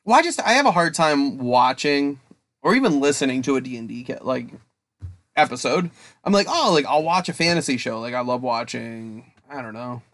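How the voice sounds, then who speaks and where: A man's voice: medium pitch, lively intonation, moderate pace, fairly bright tone, no echo. A man, co-hosting a podcast in rambling, casual chat and laughing often. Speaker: podcast co-host.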